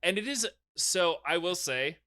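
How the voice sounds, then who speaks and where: A man co-hosting a casual chat, retelling a film plot in an animated way, swearing and laughing often. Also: sits high, a little slow, no room sound, clean studio sound. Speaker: podcast co-host recapping a film.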